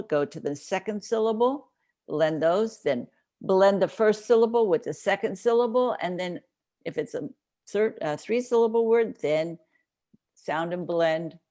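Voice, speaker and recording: A woman's voice: on the low side, dark tone. A woman on a parent panel explaining, step by step and in a practical way, how to teach children to break words into syllables. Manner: practical, explains steps in order. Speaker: reading specialist panelist. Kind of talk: casual panel discussion.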